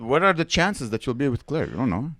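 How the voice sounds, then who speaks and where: A man hosting a casual comedy podcast, an animated storyteller who acts out the voices of the people in his stories. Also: mid-range voice, fast talker, no room sound, studio quality. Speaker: podcast host.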